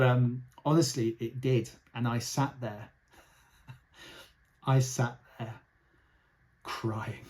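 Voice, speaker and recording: A young man talks through a book he loved in a relaxed, reflective way. His voice sits at an ordinary middle pitch, and he often pauses with ums and uhs as he gathers his thoughts. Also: slight background noise. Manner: thoughtful, soft-spoken, many fillers. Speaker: book reviewer; actor. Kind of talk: casual book review.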